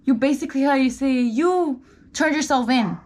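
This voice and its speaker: Chatty young woman with roots, high voice. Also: moderate pace, darkish tone. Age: young adult. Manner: chatty, filler-heavy, "like" and "you guys". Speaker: vlogger. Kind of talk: storytime while doing makeup. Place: indoors at home.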